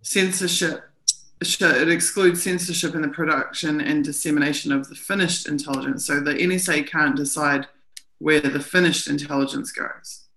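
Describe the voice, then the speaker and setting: A woman's voice: sits low, fairly even intonation, normal speed, a bit bright. Woman reading documents in a roomy echo. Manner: reads official text aloud, then comments. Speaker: co-host analysing documents. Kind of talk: live-stream reading and commentary.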